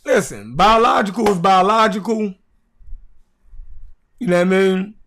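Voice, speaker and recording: A man from Baltimore, USA hosts a podcast and speaks casually and bluntly to his live chat in a Baltimore accent, cursing and repeating himself for emphasis. His voice sits high, fairly bright and unhurried. A little hiss or hum can be heard in the recording.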